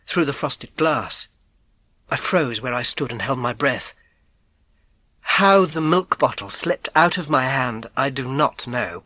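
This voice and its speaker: A man narrating a children's audiobook in first person, with an expressive, suspenseful telling. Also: mid-range voice, dry recording.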